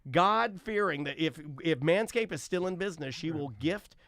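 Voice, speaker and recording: A man's voice: fairly high pitch, lively intonation, normal speed, a bit bright. A man hosting a podcast, joking through banter and an ad read. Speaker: podcast host. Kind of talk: casual chat with ad read.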